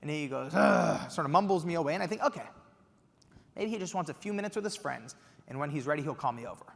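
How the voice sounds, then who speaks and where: A young man giving a keynote speech, telling an animated story with excited quoted outbursts. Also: fairly high pitch, quick pace, creaky. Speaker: keynote speaker. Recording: reverberant hall.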